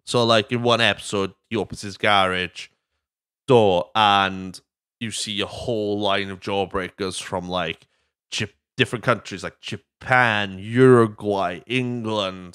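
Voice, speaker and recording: A young man chats casually as a podcast host, rambling from one joke to the next and swearing freely. His voice sits somewhat low and sounds smooth and resonant. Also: a bit bright, no echo, studio quality.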